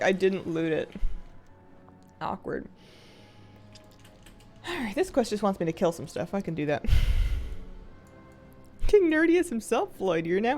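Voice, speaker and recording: A woman's voice: mid-range voice, sing-song, moderate pace, pauses often, a little mellow, faint music behind. A woman streaming a game live, chatting casually with her viewers in a self-mocking, grumpy, joking way and laughing often. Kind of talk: casual live-stream chat while gaming.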